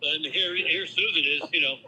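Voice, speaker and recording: A man's voice: on the high side, moderate pace, sharp tone, slight background noise, low-quality recording. A man in his sixties telling a family story on a speakerphone call, full of "you know", in casual chat. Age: 60s. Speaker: phone-in guest, host's father.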